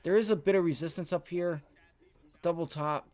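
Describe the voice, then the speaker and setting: Excitable day trader man, talks to himself. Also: on the high side, normal speed. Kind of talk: live trading commentary. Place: home.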